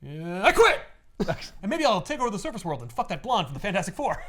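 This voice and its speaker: A cocky male undersea prince with a brash, dismissive way of talking, played by a man recapping a comic. His voice is high and bounces around in pitch. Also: very animated, a little fast, fairly bright tone, slight background noise.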